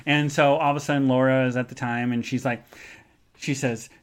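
A man's voice: mid-range voice, flat delivery, fairly quick, clear, resonant tone. A man hosting a live podcast show, telling a rambling story in a chatty way with lots of fillers. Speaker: podcast host.

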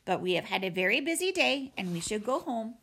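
A woman narrating a children's book in an expressive storytelling manner. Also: a little high, a little fast, husky. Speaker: audiobook narrator.

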